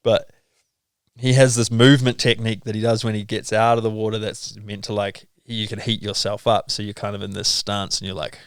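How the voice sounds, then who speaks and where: A man with a New Zealand accent, a podcast guest, telling stories in a relaxed way full of "like" and "bro". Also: on the low side, a little fast, clean tone, dry recording, clean studio sound. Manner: laid-back, filler-heavy, lots of "like" and "bro". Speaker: podcast guest, pro skier. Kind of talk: casual podcast storytelling.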